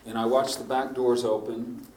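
A middle-aged man preaching a sermon, telling animated stories that build to emphatic points. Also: medium pitch, normal speed, distant mic, slight background noise. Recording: roomy echo, from off the mic.

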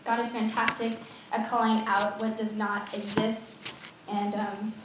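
A young woman preaching a casual, animated sermon, laughing often and adding chatty asides. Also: medium pitch, measured pace, noisy background. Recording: echoey hall, voice from far off.

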